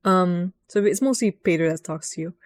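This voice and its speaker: A woman's voice: fairly low pitch, moderate pace, no echo. A woman casually recapping a video game's story, chatty and rambling, who acts out the lines she quotes. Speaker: gaming video host.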